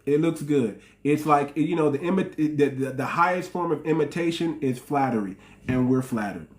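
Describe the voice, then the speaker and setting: A man with an African American English accent hosts his channel with a heated, sarcastic rant. He repeats his points and mocks his opponents. His voice sits a little high for a man. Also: moderate pace. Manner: heated, repetitive, mocking, sarcastic. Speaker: channel host. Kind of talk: solo commentary rant.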